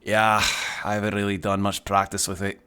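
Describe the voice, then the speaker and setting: A deep-voiced man talks loosely as he plays a video game on stream. He drifts from thought to thought in relaxed, chatty asides and swears now and then without much weight behind it. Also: moderate pace, clean tone. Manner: rambling, chatty, swears casually. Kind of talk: casual chat while playing a video game.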